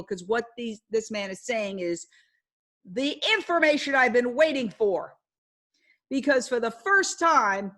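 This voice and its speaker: A woman journalist, appearing as a guest speaker at a casual live talk, tells a story with passion and emphasis. Her voice is on the high side with a fairly bright tone.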